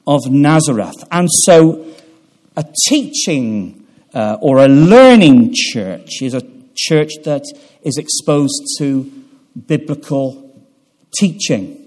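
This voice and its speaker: Pastor preaching, lively pitch, slow. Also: male voice. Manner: measured delivery with pauses and fillers, swelling for emphasis. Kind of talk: sermon. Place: chapel.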